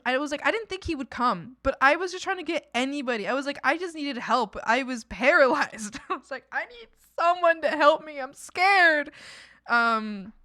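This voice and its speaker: A woman's voice: mid-range voice, sharp tone, no echo, clean studio sound. A young woman streamer chatting casually, ranting and sarcastic, laughing often, on a desk mic.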